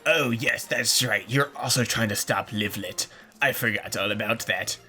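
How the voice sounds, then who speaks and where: A man voicing a scheming old farm woman in a raspy, smoker-like, emperor-style villain voice. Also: on the low side, bright, forceful tone, faint music behind, voice pushed down. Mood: sly. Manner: menacing, drawn-out villain delivery.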